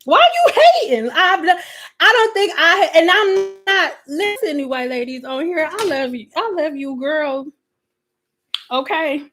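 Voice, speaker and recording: A woman hosting a casual hair care livestream, talking animatedly with a sassy, blunt manner and swinging between loud outbursts and quiet asides. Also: high voice, expressive, unhurried. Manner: says her own voice sounds a little aggressive.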